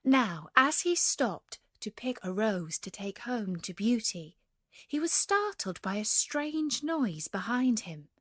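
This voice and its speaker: A woman reading a fairy tale aloud as a gentle bedtime story. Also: fairly high pitch, very animated, takes it slowly, dry recording, studio quality.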